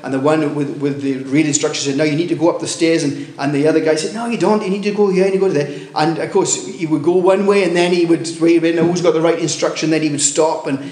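A man preaching a sermon, telling a story with many restarts and rising excitement at its loud moments. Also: on the high side, roomy sound. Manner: halting, many restarts, rises when telling of shouting.

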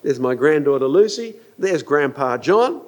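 An older man preaching a sermon, animated, asking his listeners questions and acting out quotes. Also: fairly high pitch, normal speed.

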